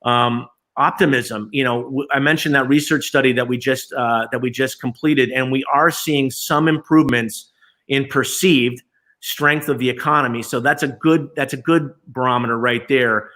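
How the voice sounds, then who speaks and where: Man, bright forceful tone, conversational executive, fillers and restarts, remote interview. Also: medium pitch, steady tone, moderate pace. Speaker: agency chief executive.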